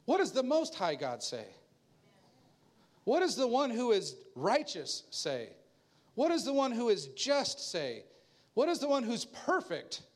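A man preaching a sermon, talking straight to his congregation in a loose, conversational way and acting out the people he quotes. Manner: animated, jumps into a higher voice to act out quoted people; conversational preaching with asides and laughs. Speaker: pastor.

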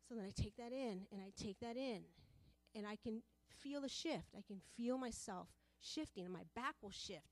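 A woman's voice: fairly high pitch, moderate pace, darkish tone, no echo. A woman preaching a sermon to a women's group, passionate and repetitive, building in volume as she presses her points.

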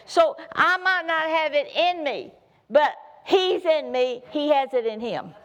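A woman's voice: high voice, animated, unhurried. A middle-aged woman preaching a sermon, telling folksy, humorous personal stories.

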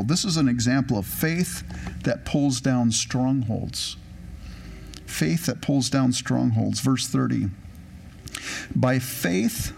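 A man's voice: medium pitch, creaky. Guy preaching a chatty sermon, reads bible verses out, stumbles and corrects himself. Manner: conversational preaching, reads scripture aloud, self-corrects. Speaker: pastor.

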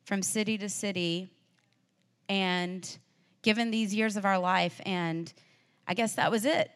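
A woman's voice: medium pitch, a bit bright. A woman preaching a sermon in an earnest, conversational way, acting out the feelings of the people in the story. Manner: earnest, acts out the disciples' and Mary's feelings in quoted voices; conversational, with fillers and restarts.

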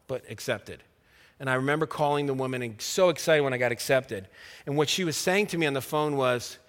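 A middle-aged man preaching a sermon, telling a story with acted-out dialogue and building to loud, emphatic preaching. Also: medium pitch, in a large hall. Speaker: pastor.

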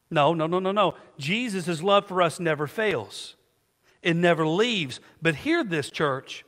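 A man's voice: high voice, expressive, measured pace, a bit bright. A man preaching a sermon as pastor. He keeps asking the congregation to finish his sentences. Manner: call-and-response preaching, asks the congregation to fill in words. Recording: long hall reverb.

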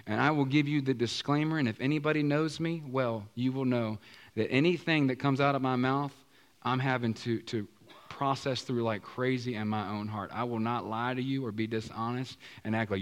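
A man's voice: mid-range voice, moderate pace. A male pastor preaching a sermon in a conversational way, often asking the congregation questions and using casual slang.

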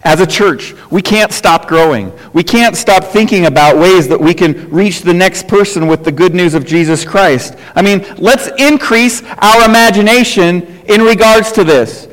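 High-voiced man preaching in a reverberant hall. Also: normal speed, hardly any pauses. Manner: conversational preaching with repetition and rhetorical questions. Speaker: pastor. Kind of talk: sermon. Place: church sanctuary.

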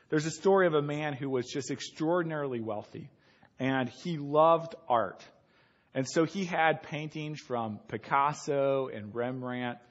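A pastor preaching a sermon, telling a story and then building to emphatic points. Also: male voice, mid-range voice, dull audio.

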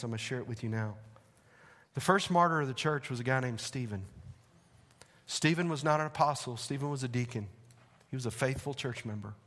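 A male pastor, preaching a sermon in a church with animated, conversational asides. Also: mid-range voice. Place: church sanctuary. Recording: long hall reverb.

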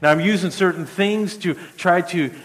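A man's voice: high-pitched, normal speed. Male pastor, standing, chatty sermon delivery with restarts; long hall reverb. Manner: conversational, repeats words when restarting. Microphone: standing while speaking.

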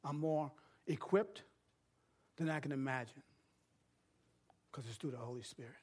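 A man preaching a sermon, rising from quiet talk to shouting and asking the congregation to call back answers. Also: mid-range voice, moderate pace, breathy edge. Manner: builds from quiet to shouting, call-and-response questions. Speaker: pastor.

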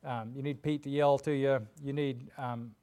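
A man's voice: mid-range voice, flat delivery, moderate pace, mellow. Chatty, informal male preacher. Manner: informal and chatty, with frequent fillers and asides. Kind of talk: conversational sermon. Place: church.

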